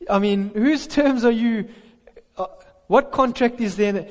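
A man's voice: extremely high pitch, measured pace, darkish tone. A man preaching a sermon, earnest and emphatic, with rhetorical questions. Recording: reverberant hall.

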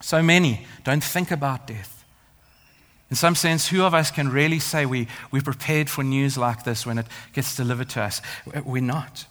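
A man's voice: medium pitch, fairly even intonation, moderate pace, fairly bright tone. A man preaching a sermon as pastor, with an emphatic, building cadence and repeated phrases. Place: church. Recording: long hall reverb.

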